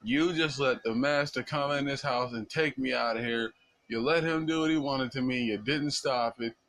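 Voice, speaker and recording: A man's voice: mid-range voice, normal speed, dry recording, close to an everyday voice. A man voicing a wife, an enslaved woman, who angrily accuses her husband of failing to protect her. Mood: furious. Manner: accusing, yelling. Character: furious betrayed enslaved wife, shrill.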